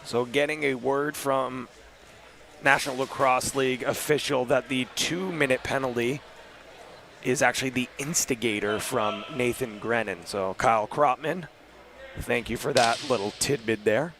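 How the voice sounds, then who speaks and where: A hoarse young man from Canada doing play-by-play commentary, calling goals with fast excitement. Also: mid-range voice. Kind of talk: live sports commentary. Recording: noisy arena broadcast.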